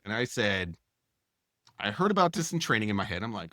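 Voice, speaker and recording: A man co-hosting a podcast, telling a long anecdote in a casual, animated way and acting out the dialogue, with many fillers. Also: lowish voice, fairly quick, no echo, clean studio sound. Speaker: podcast co-host. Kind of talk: casual storytelling.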